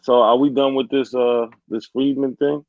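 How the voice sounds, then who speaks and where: A man's voice: medium pitch, little pitch movement, normal speed, darkish tone, no room sound. A man moderates a rowdy online debate and firmly tries to restore order. His voice sounds dry and close, with no room around it. The audio is dull and lo-fi. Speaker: host and moderator.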